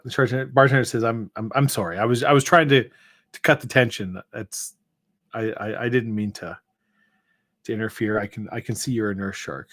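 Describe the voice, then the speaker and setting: A man co-hosting a relaxed late-night live stream, telling a meandering joke at an unhurried pace. He stops and restarts often, with plenty of filler words. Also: fairly low pitch. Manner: rambling, hesitant joke-telling with many fillers. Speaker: co-host. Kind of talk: casual chat.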